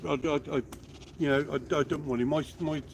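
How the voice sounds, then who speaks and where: A man's voice: a little high, fairly even intonation, fairly quick, background noise. Pleading middle-aged man outdoors. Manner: pleading, soft-spoken, repeats himself. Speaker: slaughterhouse worker. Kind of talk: casual outdoor argument. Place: outdoors by a road.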